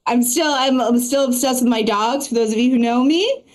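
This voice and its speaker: Performing stand-up and hosting a live show, this woman speaks quickly and conversationally, with lots of asides. Her pitch sits fairly high.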